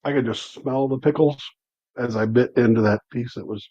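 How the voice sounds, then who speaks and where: A Midwestern American man co-hosts a casual cooking chat, teasing his partner and reacting loudly to each bite. His voice sits at a middle pitch. The sound is dry and a bit dull, like a lo-fi recording. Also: moderate pace, no echo. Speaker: co-host.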